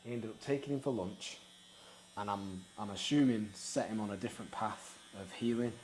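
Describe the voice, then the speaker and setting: A man's voice: fairly low pitch, moderate pace, a little mellow, slight background noise, rough recording. A man hosting an interview, telling stories in a reflective way. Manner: reflective, storytelling. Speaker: podcast host. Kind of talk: casual interview chat.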